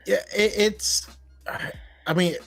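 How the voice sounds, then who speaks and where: A man co-hosting a podcast, animated and laughing easily as he chats. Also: high-pitched, slow, creaky. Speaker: podcast co-host. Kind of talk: casual chat.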